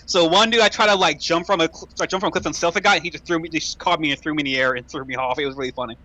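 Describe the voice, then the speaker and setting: A man's voice: on the high side, steady tone, racing, bright, forceful tone, poor audio. A young man co-hosting a gaming podcast, talking loosely with stumbles and casual swearing. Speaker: podcast co-host. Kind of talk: casual chat.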